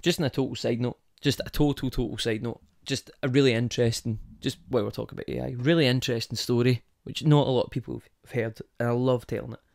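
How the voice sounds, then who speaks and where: A man's voice: medium pitch, steady tone, quick pace, gravelly, few pauses, a little mellow, no echo, clean studio sound. A man hosting a podcast on his own, talking casually and wandering off on tangents while asking his listeners rhetorical questions. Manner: rambling, goes off on tangents, asks rhetorical questions. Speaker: podcast host. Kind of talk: casual monologue.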